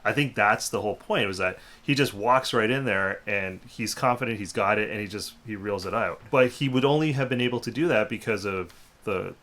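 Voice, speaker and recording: A man's voice: fairly low pitch, a little fast, a bit bright. A man co-hosting a casual podcast chat, building his point and checking in with "right?" as he goes. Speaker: podcast co-host.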